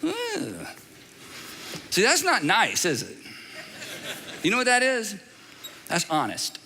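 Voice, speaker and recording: A middle-aged man preaching a sermon from a church stage, emphatic and animated, with dramatic repetition. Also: sits high, unhurried, a little hiss or hum. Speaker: pastor. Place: large church auditorium. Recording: long reverb of a large hall.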